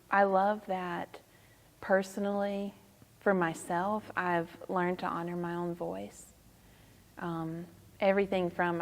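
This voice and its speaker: Soft, slow-talking Southern woman with gravelly edges. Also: on the low side, long reverb tail. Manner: soft-spoken, thoughtful, laughs often. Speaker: pastor, interview guest. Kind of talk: casual interview.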